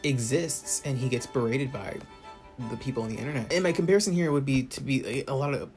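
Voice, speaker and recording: A young man ranting through a casual pop-culture commentary, theatrical and profane, swinging between muttering asides and loud outbursts. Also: medium pitch, fast talker, faint music behind. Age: young adult. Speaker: commentary vlogger.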